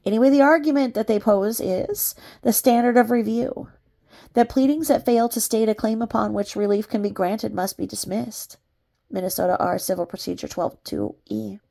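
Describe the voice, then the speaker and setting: This woman speaks at a normal speed in a slightly high, creaky voice with a dark tone. She reads a court filing's legal citations aloud, occasionally breaking off to make sarcastic asides and laugh.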